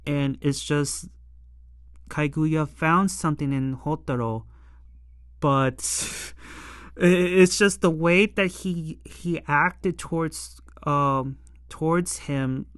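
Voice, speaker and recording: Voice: mid-range voice, takes it slowly, fairly bright tone, no room sound, clean studio sound. A show reviewer recapping an episode in casual, rambling talk full of fillers and exasperated asides. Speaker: anime and tokusatsu episode reviewer.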